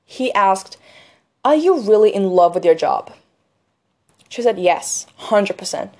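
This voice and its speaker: A woman's voice: medium pitch, lively intonation, takes it slowly, a little mellow. A teenage girl talking casually and earnestly, with lots of fillers, sharing advice about choosing a career. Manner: earnest, chatty, many fillers like "you know". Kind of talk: casual monologue.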